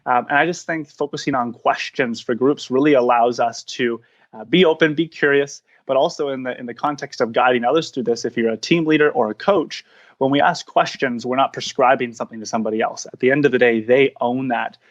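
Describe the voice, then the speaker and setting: On a podcast, the founder of a coaching practice reflects in interview talk, sounding earnest and searching as he often restarts his sentences. He speaks fairly fast at a medium pitch, and the audio comes across dull.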